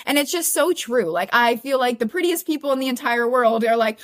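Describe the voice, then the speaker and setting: A woman's voice: high voice, expressive, a little fast, hardly any pauses. A young woman speaking as a podcast guest in a candid, earnest and emphatic way. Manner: earnest, emphatic self-encouraging. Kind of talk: candid casual interview talk.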